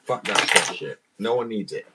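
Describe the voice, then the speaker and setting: A man's voice: on the low side, animated, moderate pace, very noisy. A man, chatting casually and rambling for a vlog, swearing freely and sounding drowsy and loose. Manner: rambling, sweary, laid-back. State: drowsy on muscle relaxant.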